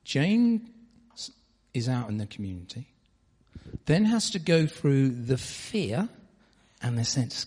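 A man pastor leading a church meeting, chatty and relaxed, speaking with long pauses. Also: mid-range voice, husky, long reverb tail. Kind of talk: informal preaching. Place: church hall.

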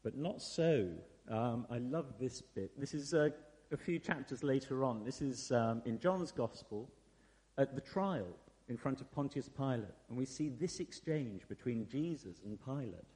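A man preaching a sermon in a relaxed, conversational way, with fillers and asides to the congregation. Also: mid-range voice, measured pace. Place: church hall. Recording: long hall reverb.

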